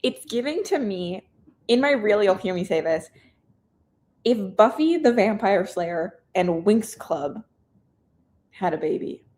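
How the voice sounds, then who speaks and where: A woman's voice: medium pitch, lively intonation, slow pace, pauses often, a little mellow. A young Canadian woman hosting a casual live reading stream, reading out viewer comments in a bubbly, chatty way. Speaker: booktuber reading chat host.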